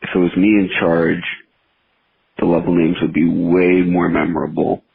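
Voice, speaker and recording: A man's voice: sits low, flat delivery, normal speed, gravelly, husky, exaggerated voice. A man voicing a grumpy, crude old male crank caller who insults and complains. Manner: insulting, complaining, mock-angry. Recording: tinny phone-line recording.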